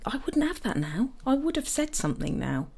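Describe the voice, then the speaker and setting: A woman's voice: high-pitched, big pitch swings, fairly quick, creaky, darkish tone, husky. A woman co-hosting a casual chat, telling stories with lots of fillers and restarts. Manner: chatty storyteller, frequent fillers and restarts.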